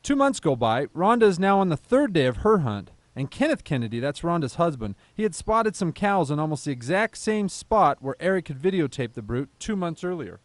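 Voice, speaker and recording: A man's voice: a little high, very animated, a little fast, few pauses, dry recording. Brief: male field reporter, upbeat, bouncy intonation, dry close sound. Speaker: outdoor reporter. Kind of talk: TV news narration and field interview.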